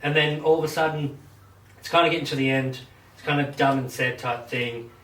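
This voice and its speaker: A man's voice: medium pitch, brisk. Male podcast host, casual swearing storyteller acting out quotes; roomy shed sound from a distance. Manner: profane, animated, acts out quotes. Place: home shed. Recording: echoey shed, mic at a distance.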